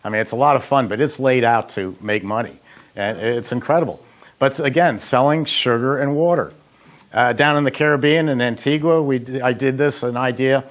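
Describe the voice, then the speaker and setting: This middle-aged man, head of an ice cream machine company, speaks at medium pitch and a moderate pace. He casually demonstrates frozen dessert recipes in a kitchen, chatting like a folksy storyteller with frequent "uh" fillers and anecdotes.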